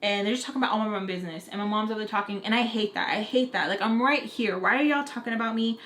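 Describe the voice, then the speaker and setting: A woman's voice: mid-range voice, very fast. Utah-accented young woman spilling a story, acts out voices, echoey room. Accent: American, Utah. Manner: animated, acts out quoted voices of family. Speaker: vlogger telling a story time. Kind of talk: casual storytelling. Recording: echoey room, faint noise.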